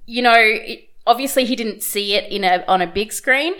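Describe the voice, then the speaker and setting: A woman's voice: on the high side, normal speed, a bit bright. A young woman co-hosting a casual podcast chat, telling stories with frequent giggles. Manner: chatty, giggly storyteller. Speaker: podcast co-host.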